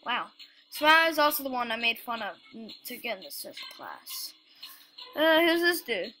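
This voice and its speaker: High, bright-voiced woman playing a game. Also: very animated, a little hiss or hum, rough recording. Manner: halting, stammering, reads game text aloud. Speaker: let's play host. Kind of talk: casual game commentary.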